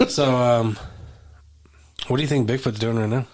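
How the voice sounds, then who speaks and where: A man's voice: medium pitch, steady tone, normal speed, a little mellow, a little hiss or hum. A man with a Texan accent co-hosting a podcast, chatting casually and easygoing with playful jokes. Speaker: podcast co-host. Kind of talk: casual chat.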